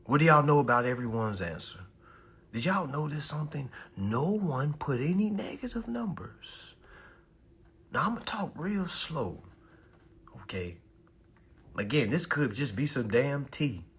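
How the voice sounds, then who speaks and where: A man hosting a livestream class, hyping his viewers, repeating phrases and urging them to comment, then slowing to hushed, deliberate talk for key points. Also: fairly high pitch, sing-song, husky. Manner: drops to slow, hushed talk when stressing points. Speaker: live-stream host teaching about bills. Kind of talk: hyped social-media livestream class.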